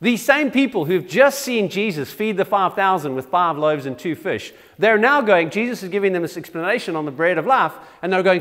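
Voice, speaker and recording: A man's voice: high-pitched, animated, fast talker, hardly any pauses, fairly bright tone, long reverb tail. A man preaching a sermon in a conversational, self-deprecating way with frequent restarts. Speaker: pastor. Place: church.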